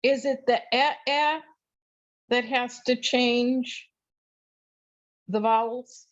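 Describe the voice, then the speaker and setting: Woman student, slow and halting, highish voice, dull video-call audio. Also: steady tone. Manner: hesitant, halting questions.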